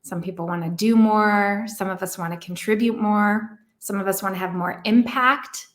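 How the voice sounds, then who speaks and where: An earnest woman talks as a relationship coach, her pitch sitting in a middle range. She asks one reflective question after another and drags out the key words, then hurries through her asides. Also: steady tone, moderate pace. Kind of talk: coaching monologue.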